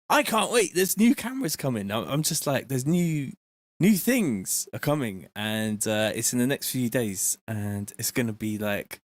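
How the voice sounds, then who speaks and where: A music producer chats casually on a live stream from his home studio, reading out viewer messages in a relaxed, slangy way. His voice is mid-range, and there's no echo.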